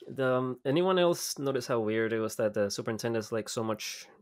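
A man's voice: medium pitch, lively intonation, brisk. A man co-hosting a podcast, talking casually and tentatively about a movie, often hedging what he says. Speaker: podcast co-host. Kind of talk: casual movie-discussion chat.

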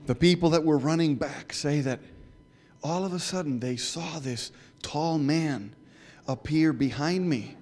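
A man with a slightly high voice tells a story to children during a church service. He is animated, stops to ask the listeners questions, and drops to a whisper for effect. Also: measured pace. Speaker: guest speaker.

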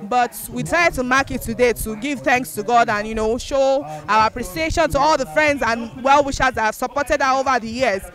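A woman, the celebrant's daughter, giving a gracious, slightly halting thank-you speech to guests. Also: high-pitched, a bit bright.

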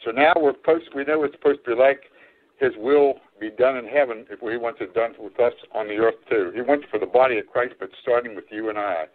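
A man's voice: mid-range voice, fairly quick. A male pastor preaching a sermon in a conversational way, often repeating phrases and calling his listeners folks. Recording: phone-like narrow-band stream audio.

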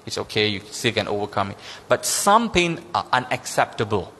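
A man preaching a sermon as pastor, emphatic and repetitive, pushing his pitch up on key points. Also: sing-song, normal speed, sharp tone, slight background noise. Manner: emphatic, repeats key phrases, rises in pitch when stressing points. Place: church sanctuary. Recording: long hall reverb.

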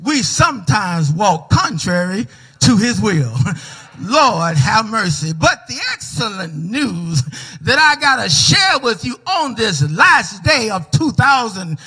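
A man preaching a sermon in a church sanctuary, emphatic, calling for responses and rising to shouts. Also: high voice, very animated, slow pace, husky. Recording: reverberant church hall.

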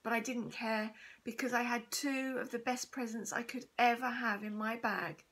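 A woman teacher reading a children's chapter book aloud, steady and expressive. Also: a little high, normal speed, rough recording. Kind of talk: storybook read-aloud.

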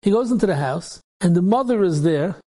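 A man's voice: high voice, lively intonation, brisk, dark tone. Rabbi telling a story, man. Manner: casual, repetitive retelling peppered with Yiddish and Hebrew words.

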